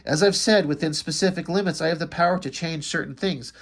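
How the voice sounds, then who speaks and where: A smug male demon lord from a comic book, speaking in formal, measured taunts. His voice sits a little high for a man, as a man reads him out in a comic recap. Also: natural voice.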